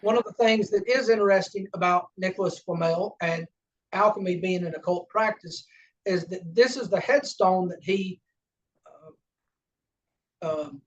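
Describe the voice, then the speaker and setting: Southern guy giving a lodge talk, lots of uh and um, mic far off and kinda muffled. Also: high-pitched. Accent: Southern American. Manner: halting, many fillers and self-corrections. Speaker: lodge education lecturer. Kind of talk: unscripted lecture with slides. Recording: distant, dull lo-fi room recording.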